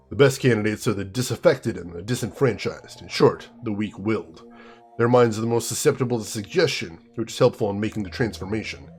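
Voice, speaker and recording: A man voicing a painted male elf who explains things in an arch, lively way. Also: mid-range voice, husky, pitched below the performer's own voice.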